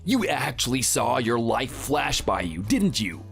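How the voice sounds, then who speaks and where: A man's voice: mid-range voice, very animated, a little slow, creaky, a bit bright, soft background music, heavily acted. A man voicing a boastful, muscle-bound bully who taunts his neighbor, read in a synthetic texting-story style. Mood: taunting. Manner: taunting, sneering. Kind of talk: text-to-speech texting story.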